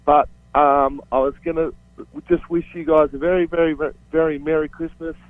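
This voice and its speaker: A man calling a radio show, quick and friendly. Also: on the high side, level tone, no echo. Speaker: caller. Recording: phone line.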